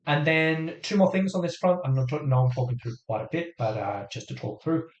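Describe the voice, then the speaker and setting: A man hosting a live fitness Q&A who explains things step by step in a casual way, with lots of fillers, while his voice is going hoarse. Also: on the high side, animated, a little fast, lo-fi sound. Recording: roomy echo.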